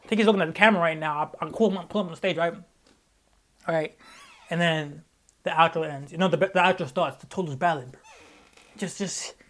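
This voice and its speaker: Excitable young man recapping his night. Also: on the high side, a little fast, long pauses. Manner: excitable storytelling, swings from loud hype to quiet mumbling. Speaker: musician. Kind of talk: casual vlog recap.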